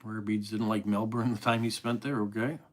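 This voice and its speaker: Chatty East Coast Canadian man, low voice. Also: little pitch movement, a little fast. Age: middle-aged. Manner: friendly, chatty, reads viewer comments aloud. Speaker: live stream host. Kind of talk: casual live-stream chat reading comments.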